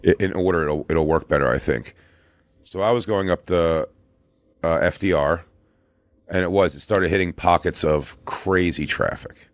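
A man with a very low voice, recorded dry and close, cracks quick punchlines in a loose comedy chat. He tells his stories in an easy, rambling way. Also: no echo. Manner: joking, interrupts with quick punchlines. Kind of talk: casual chat.

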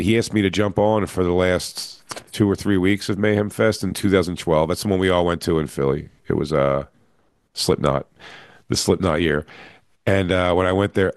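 A man's voice: low-pitched, no room sound. A middle-aged man, a comedian, telling a long casual anecdote with crude language and acted-out quotes. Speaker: comedian and podcast co-host. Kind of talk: casual storytelling chat.

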